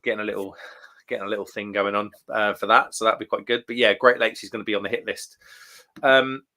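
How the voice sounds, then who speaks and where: A British man with a bright, forceful voice talks beer on a casual live stream. He is chatty and upbeat, full of ums and restarts as he reads out viewer comments. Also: lowish voice, level tone, fast. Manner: chatty and enthusiastic, lots of "um" and restarts.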